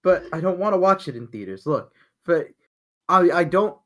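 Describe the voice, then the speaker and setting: A man's voice: high voice, animated, normal speed, fairly bright tone. A man co-hosting a podcast in casual chat, joking and protesting. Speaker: podcast co-host.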